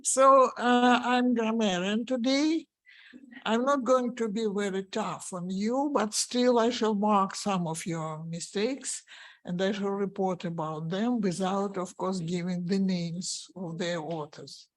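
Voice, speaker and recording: A woman's voice: mid-range voice, steady tone, slow pace. A woman explaining her role as grammarian at a club meeting, in mildly formal, precise wording.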